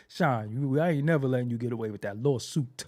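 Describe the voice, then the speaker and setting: A man's voice: mid-range voice, expressive, moderate pace, a little mellow. A man hosting a hip-hop commentary show, ranting brashly with profanity and frequent laughter. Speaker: host.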